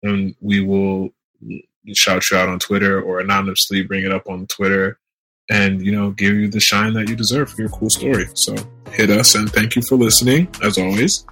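A young man with a low, bright voice co-hosts a podcast in a relaxed, teasing manner. He talks casually and directly to listeners. Faint music plays underneath. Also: normal speed, poor audio. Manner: laid-back, teasing. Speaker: podcast co-host.

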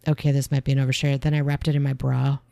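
A woman co-hosting a podcast in casual chat, chatty and quick to finish her partner's stories. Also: a bass voice, little pitch movement, creaky, no room sound. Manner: chatty, warmly teasing, jumps in to finish stories. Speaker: podcast co-host.

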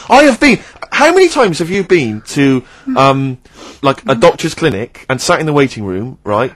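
A man's voice: mid-range voice, sing-song, normal speed, hardly any pauses, fairly bright tone, dry recording. A man co-hosting a radio show, chatting casually and complaining in a mocking, exasperated way. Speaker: co-host. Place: radio studio.

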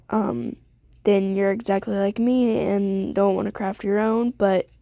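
Gravelly young woman rambling on stream. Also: mid-range voice, dark tone, no room sound, studio quality. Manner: rambling, self-deprecating. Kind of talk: casual gameplay commentary.

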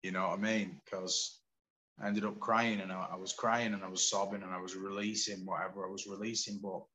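Man in his forties, low-pitched, candid and animated storyteller, casual chat, faint noise behind. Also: rough recording. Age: 40s. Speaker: podcast guest. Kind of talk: casual conversation.

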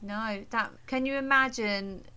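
A woman co-hosting a podcast in casual chat, teasing and quick to prompt her friend. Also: on the high side, pushed and bright, clean tone. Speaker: podcast co-host.

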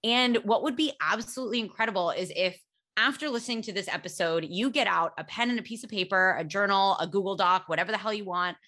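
A woman's voice: medium pitch, quick pace, pushed and bright. An American woman co-hosting a podcast, chatty and self-mocking as she tells a story. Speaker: podcast co-host. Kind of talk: casual podcast chat.

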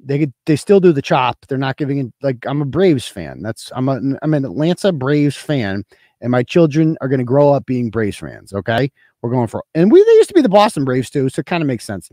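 Profane ranting man, lively voice, dry sound. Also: medium pitch, brisk, no echo. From Massachusetts. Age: 40s. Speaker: host. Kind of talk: casual livestream talk reading chat.

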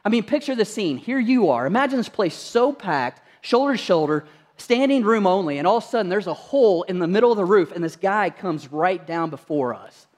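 A male pastor with a high, expressive, darkish-toned voice preaches fairly quickly to his congregation in a church sanctuary with a big-room sound. He tells stories earnestly and poses rhetorical questions.

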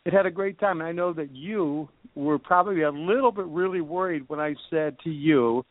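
A man's voice: on the high side, moderate pace, hardly any pauses, no room sound. Rambling man on a tinny phone line. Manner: rambling, chatty, many fillers. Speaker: podcast host. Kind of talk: casual call-in show chat.

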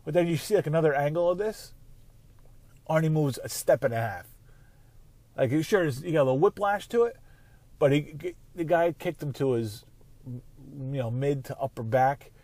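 A man's voice: on the high side, moderate pace, pauses often, a little mellow, no echo. A man hosting a casual solo sports podcast, rambling and swearing freely. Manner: rambling, profane, conversational. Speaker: podcast host.

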